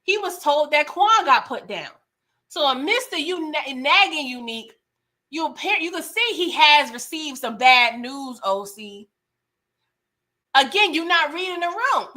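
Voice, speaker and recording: Bright, high-voiced woman recapping casually. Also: a little slow. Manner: animated, laughing, talks back to the characters. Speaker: TV recap host. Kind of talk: casual live-stream episode recap.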